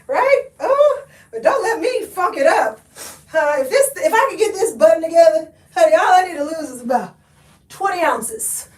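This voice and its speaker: Her voice is very high and sing-song, unhurried as she hosts a live thrift try-on and chats folksy with viewers, laughing and calling them honey and y'all. Breathless, she keeps leaving the camera mic, so she sounds far away and often off-mic, with echo filling the room.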